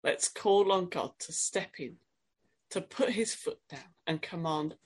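A woman preaching a sermon, reflective and questioning, reading scripture in a quiet, dramatic voice. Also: on the low side, takes it slowly, slightly rough.

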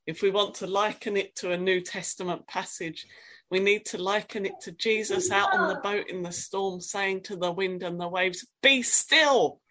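A woman preaching a sermon, reflective and questioning, reading scripture in a quiet, dramatic voice. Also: mid-range voice, level tone, moderate pace.

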